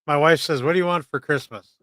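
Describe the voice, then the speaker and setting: A man's voice: on the high side, fast talker, a bit bright, no echo. A man chatting casually as co-host, chiming in with dry joking asides. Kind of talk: casual chat.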